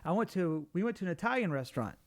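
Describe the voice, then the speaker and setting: A man's voice: high voice, very animated, very fast. A man co-hosting a podcast, telling stories in a rambling, casual way, acting out what other people said, with many fillers and restarts. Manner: rambling storyteller, acts out quoted people, lots of fillers and restarts. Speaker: podcast co-host. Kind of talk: casual chat.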